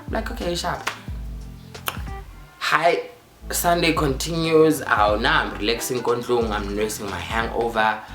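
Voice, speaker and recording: A man vlogging a casual storytime, animated and dramatic as he acts out the dialogue. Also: mid-range voice, moderate pace. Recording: roomy echo, faint music.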